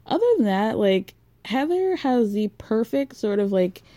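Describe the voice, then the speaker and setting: A chatty woman talks through a recap in a loose, frank way, dropping curse words and plenty of fillers. Her voice is soft and mellow. The sound is close and dry, with no room around it. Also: fairly high pitch, sing-song, a little slow, no room sound. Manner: frank, swears freely, chatty with many fillers. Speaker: podcast host recapping a reality show. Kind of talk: casual recap monologue.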